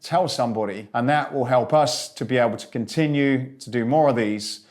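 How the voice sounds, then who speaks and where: A man's voice: mid-range voice, moderate pace, a little mellow. A man hosting a podcast, asking questions and closing the show with a friendly, conversational manner. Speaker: podcast host. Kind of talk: interview questions and outro.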